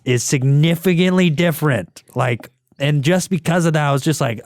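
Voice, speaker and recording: A man's voice: a little high, moderate pace, no room sound, studio quality. A man in casual podcast chat, telling a long story and filling it with "like" and restarts. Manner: rambling storyteller, heavy use of "like".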